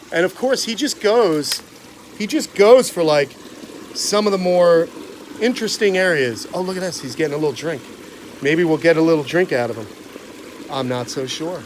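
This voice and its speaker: A man's voice: on the high side, a little hiss or hum. A man hosting a casual live stream outdoors, chatty and enthusiastic, talking straight to his viewers. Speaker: reptile channel host. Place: outdoors by a pond.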